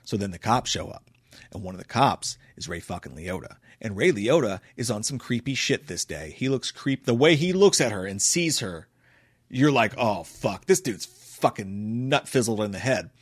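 A man's voice: lowish voice, big pitch swings, moderate pace, husky. A man casually recapping a movie in a rambling, profane, enthusiastic way. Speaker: movie reviewer.

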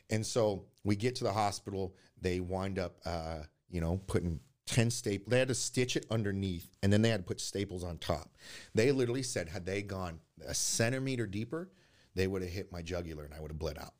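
Appearing as a podcast guest, a man with a deep, low-pitched voice tells his own life story candidly and earnestly. He speaks a little fast, often stopping and restarting sentences, and his voice softens through the hardest parts.

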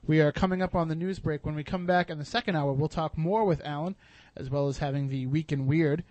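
A man's voice: a little high, fairly quick, darkish tone, no echo, highs cut off. A man hosting a radio interview, asking questions with frequent restarts and reading out show announcements. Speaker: radio host. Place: radio studio.

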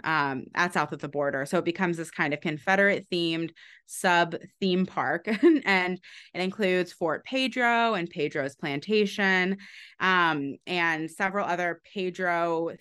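Low-voiced woman historian explaining at length. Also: unhurried, clean tone. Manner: relaxed, laughs lightly between points. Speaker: author and historian. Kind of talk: explanatory interview answer.

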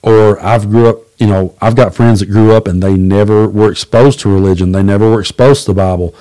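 Speaking briskly with a fairly low pitch, a man from Southeast Kentucky tells stories on his own podcast in a relaxed monologue. He's folksy and blunt, cusses freely, and takes on the voices of those he's quoting.

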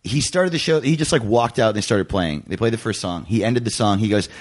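A man hosting a podcast, telling excited stories in casual, swearing chat. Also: on the low side, brisk. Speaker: podcast host.

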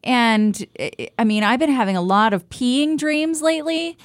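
A woman co-hosting a podcast in casual chat, reacting quickly and teasing her partner. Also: on the high side, no echo, studio quality. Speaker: podcast co-host.

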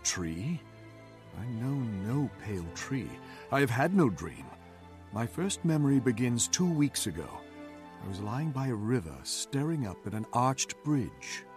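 An actor with an English accent playing a young male sylvari who has lost his memory, speaking in an earnest, measured way in a video game scene. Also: mid-range voice, very animated, a little mellow, soft background music.

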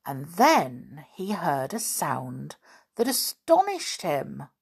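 A woman reading a children's adventure book aloud in a measured storytelling manner. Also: low voice, wildly swooping pitch, creaky, husky. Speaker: reader.

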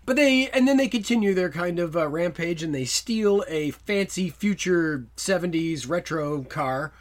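A man's voice: high-pitched, animated, a little slow. A man co-hosting a podcast, casually recapping a film with stammering restarts. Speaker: podcast co-host.

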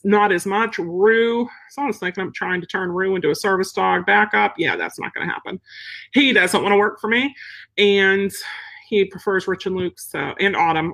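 A woman's voice: mid-range voice, a bit bright. A woman dog trainer answering viewer questions in a casual, plain-spoken live teaching session. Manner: chatty, plain-spoken, acts out quotes.

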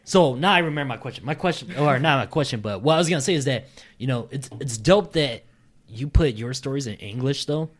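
A man's voice: mid-range voice, expressive, a little fast, a little hiss or hum. A man co-hosting a casual podcast, rambling with many fillers and restarts. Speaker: podcast co-host. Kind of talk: casual chat.

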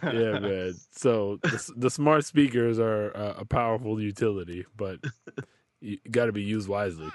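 A man hosting a podcast, talking in a relaxed, slangy way. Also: on the low side, moderate pace, dry recording, studio quality. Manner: relaxed, slangy and laid-back. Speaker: podcast host. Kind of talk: casual chat.

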